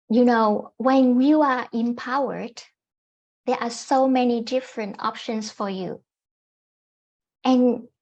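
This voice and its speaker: A woman life coach giving calm, gently instructive self-help advice to camera, often repeating her points. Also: a little high, muffled recording.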